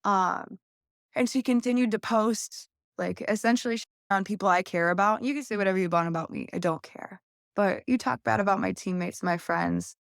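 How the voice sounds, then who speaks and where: A woman's voice: medium pitch, normal speed, vocal fry, no echo, studio quality. A young adult woman, a podcast guest, telling a long story candidly in a casual interview and acting out quoted voices.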